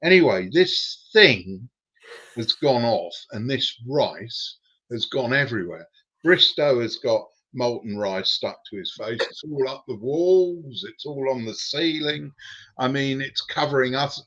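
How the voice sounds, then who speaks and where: An older man, a former racing driver, telling cheeky stories with casual swearing. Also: medium pitch. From Britain. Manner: cheeky, swearing, relaxed storytelling. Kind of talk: casual anecdote on a live stream. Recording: dull lo-fi recording.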